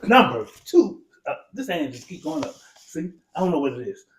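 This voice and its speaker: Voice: medium pitch, big pitch swings, normal speed, recorded from a distance, noisy background. Co-host, comedic recap, joking asides, echoey room. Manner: chiming in, joking.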